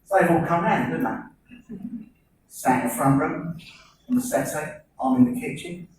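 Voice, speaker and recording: A man's voice: fairly high pitch, very animated, normal speed. A man, doing rambling stand-up comedy and teasing audience members by name. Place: live comedy venue with audience laughter. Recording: echoey venue, distant mic, noisy audience.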